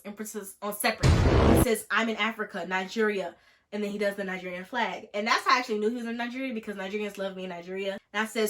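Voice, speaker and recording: A woman in her twenties telling a story in a casual vlog, jokey and animated, acting out a text exchange. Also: fairly high pitch, quick pace, soft background music. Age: 20s. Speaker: vlogger.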